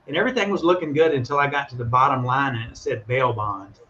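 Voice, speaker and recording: Guy chatting on a call, animated, kinda muffled and lo-fi. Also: mid-range voice, fast talker. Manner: animated, acts out voices in his stories. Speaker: guest calling in. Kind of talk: casual storytelling chat.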